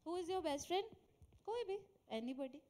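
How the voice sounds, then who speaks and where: A woman's voice: very high-pitched, expressive, fast talker, darkish tone, a little hiss or hum. A woman teacher with an Indian accent, quizzing a classroom in English mixed with Hindi and encouraging her students.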